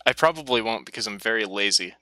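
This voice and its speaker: Podcast co-host, male, very bright and crisp tone, dry close sound, quick with a joke. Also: fairly low pitch, expressive, no room sound. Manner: joking, teasing. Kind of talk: casual group chat.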